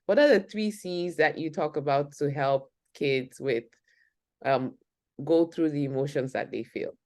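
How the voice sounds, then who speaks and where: Low-voiced woman hosting an interview. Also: measured pace, dry recording, clean studio sound. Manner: warmly affirming, short agreements. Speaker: host.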